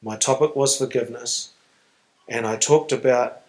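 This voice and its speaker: A man with a New Zealand accent, telling a personal story to an audience in an earnest, halting way with pauses. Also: mid-range voice. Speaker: guest speaker. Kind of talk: reflective public storytelling Q&A. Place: stage in a hall. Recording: roomy hall sound.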